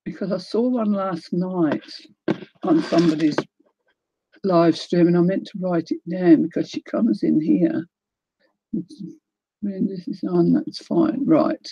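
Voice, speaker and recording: Older New Zealand-accented woman, warm mellow tone, chatty livestream host, dull lo-fi audio. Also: on the low side, fairly even intonation, takes it slowly, pauses often, breathy edge, no echo. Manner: chatty, greets viewers by name, laughs often. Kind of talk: casual livestream chat.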